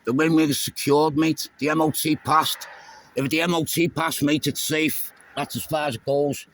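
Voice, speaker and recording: A man filming himself in an argument with police, repeating "mate" and often shouting. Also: a little high, fairly even intonation, normal speed, slight background noise, poor audio. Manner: argumentative, repeats "mate" constantly, stumbles over words. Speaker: self-filming activist. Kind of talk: heated roadside argument. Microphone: handheld phone camera.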